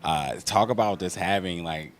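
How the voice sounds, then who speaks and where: A man interviewing guests, asking questions in an upbeat, friendly way and wrapping up smoothly. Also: deep voice, moderate pace, a little hiss or hum. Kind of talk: casual interview. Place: busy convention floor.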